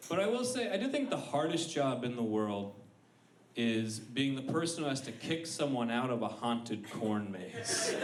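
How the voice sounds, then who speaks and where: Animated man doing stand-up. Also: medium pitch, distant mic. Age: 30s. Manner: rambling, self-deprecating storytelling with act-out voices. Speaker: stand-up comedian. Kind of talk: stand-up comedy set. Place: comedy club stage. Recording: echoey club room with ambient noise.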